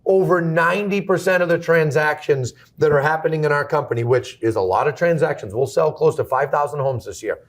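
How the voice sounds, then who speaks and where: A man's voice: on the high side, fairly quick, hardly any pauses. Blunt, fired-up male interview host. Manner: curses freely. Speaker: host, brokerage owner. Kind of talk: casual interview conversation.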